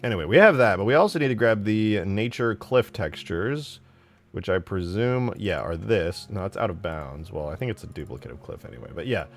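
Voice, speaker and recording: A man's voice: lowish voice, expressive, a little fast. A young man casually streaming while modding a game map, rambling and swearing in slangy talk.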